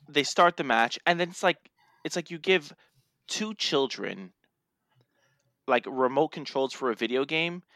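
A man in casual chat, recapping a wrestling match with animated retelling. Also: mid-range voice, no room sound. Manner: animated recapping with mock voices. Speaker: wrestling podcast co-host.

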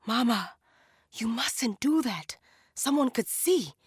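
Woman narrator doing a young runaway girl, anxious and urgent, in a hushed whisper. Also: fairly high pitch, expressive, slow, slightly rough, dry recording, clean studio sound, voice pushed up, exaggerated voice.

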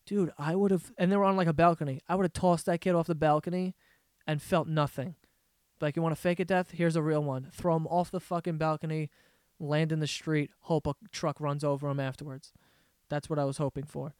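A man's voice: a little high, clean tone, no echo, clean studio sound. A young man hosting a podcast, telling a story in a casual, profane, exasperated rant with jokes. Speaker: podcast host. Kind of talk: casual ranting monologue.

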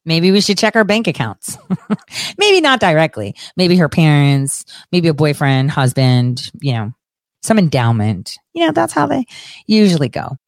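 A young woman with a somewhat low voice rants about politics, profane and sarcastic, swinging between loud outbursts and muttered asides. The sound is dry and close, with no room around it. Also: a little slow, dry recording. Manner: profane, sarcastic, animated rant. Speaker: political commentator. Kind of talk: ranting commentary.

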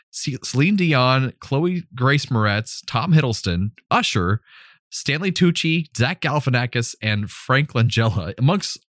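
A man's voice: mid-range voice, fairly bright tone, no echo, studio quality. A man co-hosting a podcast, chatting casually about films, laughing often and reading from his notes. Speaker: podcast co-host. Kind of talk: casual chat.

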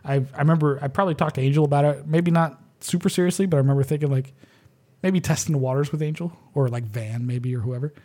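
A man's voice: fairly high pitch, quick pace, darkish tone. A man who is a pipe major, talking casually and bluntly with frequent swearing. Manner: blunt, profane, laid-back. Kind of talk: casual podcast chat.

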